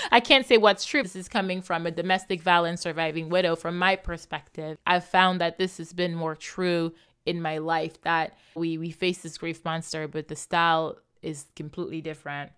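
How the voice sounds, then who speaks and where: A woman talking candidly and reflectively as a host, animated at times, laughing often and acting out the voices of people she quotes. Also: on the low side, clean tone. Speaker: podcast host. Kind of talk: personal reflective monologue.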